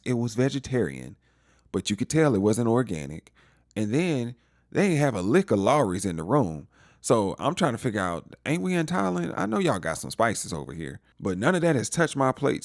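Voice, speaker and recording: A man voicing a spoiled young woman, complaining in a sassy, drawn-out way. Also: on the low side, sing-song, no room sound, studio quality.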